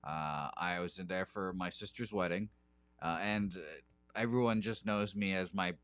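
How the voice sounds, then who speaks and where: A man's voice: deep voice, moderate pace, fairly bright tone, smooth, no echo, soft background music. A man co-hosting a podcast, telling a rambling self-deprecating story full of swearing and hesitations. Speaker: podcast co-host. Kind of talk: casual storytelling chat.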